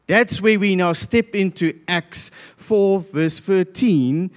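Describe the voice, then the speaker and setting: A man's voice: high voice, takes it slowly. A South African man preaching a sermon as pastor, telling a Bible story and acting out the crowd's voices. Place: church hall. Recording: long church hall reverb.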